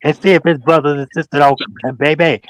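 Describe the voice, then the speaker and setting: A man's voice: a little high, fast talker, no room sound. A man talking as a guest on a livestream, calling people out in an emphatic, preachy way, repeating his points and acting out what others said. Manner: slangy, animated storytelling with mock quotes. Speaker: guest on a livestream talk show. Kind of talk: heated livestream call-out talk.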